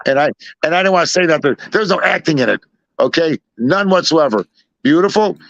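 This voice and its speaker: A man's voice: a little high, brisk, no room sound. A man from Chicago telling a long, rambling anecdote in casual conversation, full of asides and retold dialogue. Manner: rambling, animated retelling with many asides. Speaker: storyteller guest. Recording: dull lo-fi dry recording.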